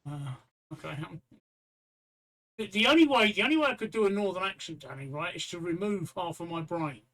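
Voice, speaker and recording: High-voiced man telling cheeky jokes. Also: expressive, a little fast, fairly bright tone, poor audio. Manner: cheeky, tells long jokes with character lines. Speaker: host. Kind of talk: casual live-stream banter and joke-telling.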